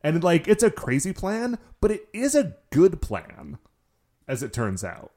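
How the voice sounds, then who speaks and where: A man's voice: a little high, huge pitch swings, unhurried, a little mellow. A man in casual podcast chat, recapping a TV show and fondly correcting plot details. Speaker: podcast co-host.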